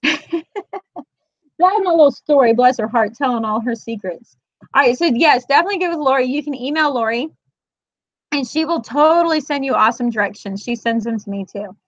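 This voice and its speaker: High-voiced chatty woman host, dull dry audio. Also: brisk, dry recording. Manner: chatty storyteller who acts out friends' lines in quotes; addresses viewers as "girl". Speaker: host of a weekly moms' chat. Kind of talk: casual live chat to viewers.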